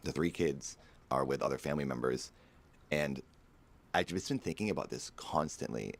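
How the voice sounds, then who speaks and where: A man's voice: rumbling low, moderate pace, creaky. A man telling a personal story in a vlog, in a somber, earnest way.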